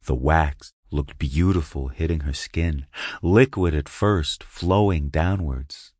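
Very deep, slow male storyteller. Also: a little mellow, breathy edge, dry recording, studio quality. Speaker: narrator. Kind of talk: erotic audio story narration.

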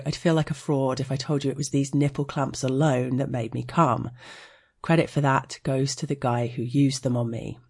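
Frank British woman with a husky tone, reading her own erotic story with dry humour. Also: a bass voice, darkish tone. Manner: frank and wry, slowing to intimate detail. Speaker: sex blogger.

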